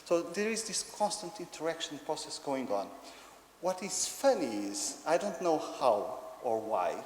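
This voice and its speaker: A man with a Portuguese accent giving a conference lecture, explaining hesitantly with many ums. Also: mid-range voice. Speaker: conference speaker. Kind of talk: academic lecture. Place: conference hall. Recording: echoey hall with faint noise.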